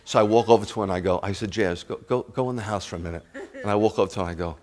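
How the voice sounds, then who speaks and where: A man, a rabbi preaching to his congregation in an animated, joking way and speaking straight to the listeners. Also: fairly low pitch, racing, a little hiss or hum. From New York. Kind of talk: sermon.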